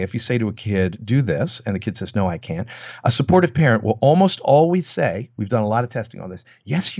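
Recorded dry, a man with a darkish voice talks conversationally as a guest expert on persuasion. He walks through communication techniques, dropping his voice to act out brief quoted lines as demonstrations.

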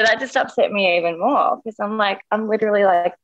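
A woman's voice: medium pitch, fast, few pauses, fairly bright tone, highs cut off. A young woman chatting casually and telling a story with animation, acting out the people she quotes. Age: young adult. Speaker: guest. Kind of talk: casual chat.

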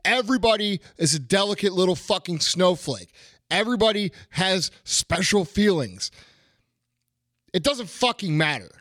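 A man's voice: high-pitched, expressive, moderate pace, fairly bright tone, dry recording, studio quality. A middle-aged man hosting a podcast, delivering a blunt, profane motivational rant with heavy repetition. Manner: blunt, emphatic, swearing, repeats phrases. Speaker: podcast host.

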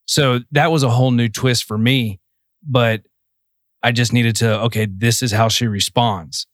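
A reflective man chatting on a podcast, earnest and a bit self-deprecating. His voice sits at a middle pitch. The recording is dry and close-miked. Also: steady tone, measured pace, no echo. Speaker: podcast co-host. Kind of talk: casual podcast chat.

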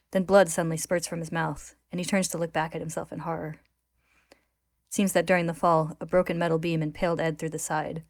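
A woman reading a story recap aloud in a steady, even narration for a podcast. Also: sits low, a little fast, dry recording, studio quality. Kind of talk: reading a recap aloud, then casual chat.

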